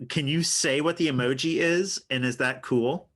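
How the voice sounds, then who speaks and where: Middle aged dad podcaster, jokey, self-mocking, laughs a lot, casual chat. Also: male voice, a little high, moderate pace, a bit bright. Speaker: podcast co-host, father.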